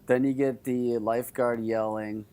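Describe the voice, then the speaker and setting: A man co-hosting a casual film podcast, making dry, deadpan jokes. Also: medium pitch, measured pace, clear, resonant tone. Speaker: podcast co-host. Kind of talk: casual chat.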